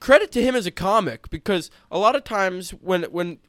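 A man's voice: high voice, expressive, moderate pace, no room sound, studio quality. A young man co-hosting a podcast, chatting casually with lots of swearing, restarts and joking. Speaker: podcast co-host. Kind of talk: casual chat.

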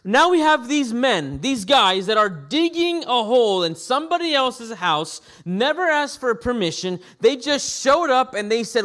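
A man preaching a sermon as pastor, animated and acting out scenes with quick voice changes. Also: very high-pitched.

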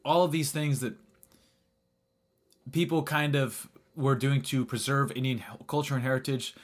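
Young guy hosting a chill podcast, rambly, cusses a lot, laughs at his own stories, mid-pitched voice. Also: steady tone, moderate pace. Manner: rambling, laughs often, swears casually. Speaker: podcast host. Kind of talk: casual podcast chat.

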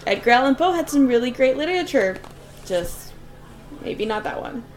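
Young woman, podcast co-host, brash, profane, mocking, high-ish voice. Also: expressive, normal speed, faint music behind. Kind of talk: casual movie-reaction chat.

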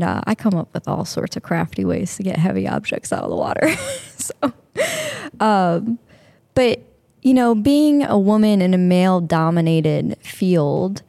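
A woman's voice: mid-range voice, measured pace, vocal fry, dry recording. A young woman, a marine sheriff's deputy, telling stories in a casual interview and laughing often. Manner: laughs often, animated anecdotes.

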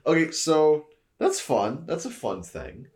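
A man's voice: wildly swooping pitch, takes it slowly, a little mellow. A man co-hosting a podcast, loosely talking through a story idea with hesitations and fillers. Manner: loose, hesitant pitching with "you know" and "like". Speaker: podcast co-host. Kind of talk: casual chat.

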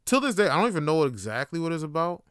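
A man's voice: a little high, big pitch swings, rapid-fire, a bit bright, clean tone, dry recording, clean studio sound. A young man, hosting a podcast and telling profane, rambling stories with laughter. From Canada. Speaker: podcast host. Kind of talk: casual monologue.

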